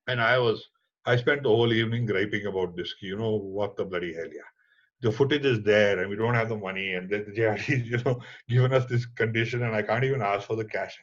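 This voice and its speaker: Man, Indian English accent, middle-aged, lively anecdotal storyteller, dull lo-fi recording. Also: fairly low pitch, fast talker. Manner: lively storyteller, mixes in Hindi words and casual swearing. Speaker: documentary filmmaker. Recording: dull lo-fi audio.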